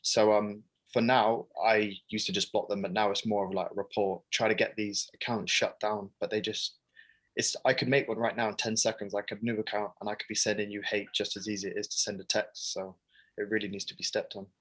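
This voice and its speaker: A man's voice: fairly low pitch, little pitch movement, fairly quick, a bit bright, poor audio. A young man from Great Britain, a sprinter talking frankly and casually as an interview guest, with lots of "like" fillers.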